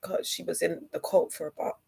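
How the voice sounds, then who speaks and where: A young woman on a livestream, speaking emotionally and haltingly, often repeating herself. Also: lowish voice, steady tone, vocal fry, darkish tone, husky. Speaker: live stream host.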